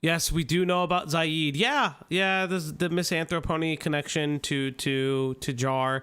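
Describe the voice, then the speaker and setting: A man's voice: a little high, fairly even intonation, unhurried, hardly any pauses, a bit bright, clean tone. A man with an Italian American accent doing reaction commentary, profane and mocking. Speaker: commentary streamer.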